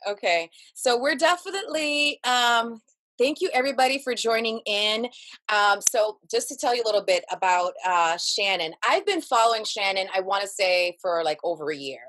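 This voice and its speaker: A woman hosts a casual live-stream interview in an ordinary mid-pitched voice. She talks with gushing, eager enthusiasm, and her sentences are full of "like" and "um". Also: expressive, moderate pace, fairly bright tone. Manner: gushing and enthusiastic, many fillers like "like" and "um". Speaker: host.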